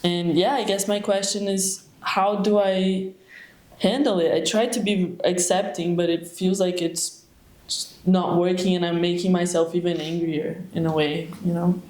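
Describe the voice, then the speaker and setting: A young woman with a slightly low voice asks a question at a monastery retreat Q&A. She speaks hesitantly, searching for words and restarting often. Her voice rings out in an echoey hall through a handheld microphone. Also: fairly even intonation, a little slow, a little mellow. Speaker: retreat participant asking a question.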